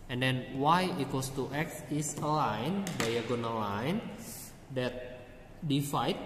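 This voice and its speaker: A man walks through a math lesson at an unhurried pace, checking in with "okay" between steps. His voice sits at an ordinary pitch. The room rings with a long echo, and a faint hum of background noise sits underneath. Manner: slow, step-by-step explaining with frequent "okay". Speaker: math teacher.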